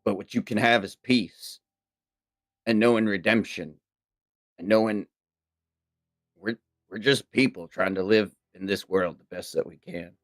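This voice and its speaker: A man's voice: fairly low pitch, a little slow, long pauses. A man speaking in character as a player in a tabletop game, rambling and flustered, fumbling names. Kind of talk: in-character tabletop role-play.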